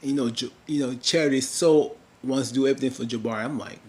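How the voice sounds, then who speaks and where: Man, casual TV recap, rambling, many fillers, mid-pitched voice, character mimicry. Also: quick pace, few pauses. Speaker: TV episode recapper.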